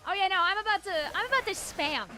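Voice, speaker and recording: A woman livestreams a game, chatting casually and laughing often. Her voice is high and bright, and it turns excitable at exciting moments. Faint game music plays behind her. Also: fast. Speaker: streamer. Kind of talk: casual gameplay livestream commentary.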